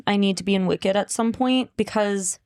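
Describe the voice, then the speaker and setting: A woman's voice: mid-range voice, normal speed, a little mellow, clean tone. Enthusiastic young woman in casual chat. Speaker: podcast co-host.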